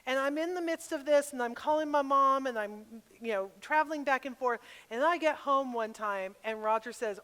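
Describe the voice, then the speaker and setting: A middle-aged woman speaking at a women's retreat, telling a personal story with animated, sometimes loud bursts. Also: on the high side, normal speed. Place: large hall at a camp retreat. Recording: long reverb of a large hall.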